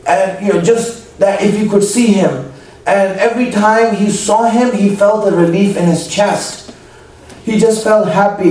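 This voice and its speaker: A man's voice: high voice, steady tone, a little slow, a little mellow, far from the mic. A man preacher telling a story in a sermon, emotional and dramatic, acting out quoted speech. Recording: echoey hall, voice from afar, faint noise.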